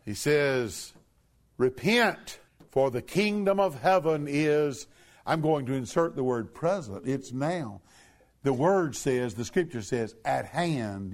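A man preaching a sermon from a church pulpit, emphatic, with big swoops up to shouted peaks. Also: medium pitch, vocal fry. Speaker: pastor.

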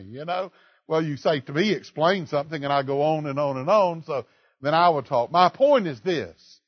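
Guy preaching, high voice swinging all over, kinda muffled lo-fi sound. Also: no room sound. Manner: storytelling, then rising and slowing for emphasis on key lines. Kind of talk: sermon.

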